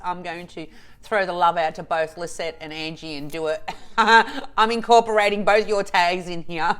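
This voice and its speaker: A woman vlogger chatting to camera, slow and halting with restarts and soft laughs, teary and emotional. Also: fairly low pitch, clear, resonant tone, soft background music. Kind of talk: emotional casual chat to camera.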